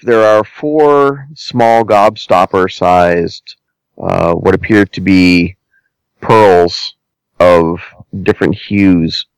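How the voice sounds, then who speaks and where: A man narrating a tabletop game as game master, deliberate and hesitant, with many ums and restarts. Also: low voice, smooth, no room sound, low-quality recording.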